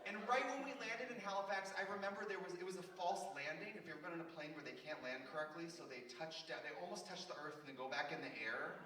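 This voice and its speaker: A man's voice: fairly high pitch, fast talker, few pauses, crowd noise. A man performing in drag, chatting and telling campy stories to a live audience, slipping into quoted voices. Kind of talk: live stand-up banter. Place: festival theater stage before an audience. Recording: echoey, distant, noisy live room recording. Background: audience laughter.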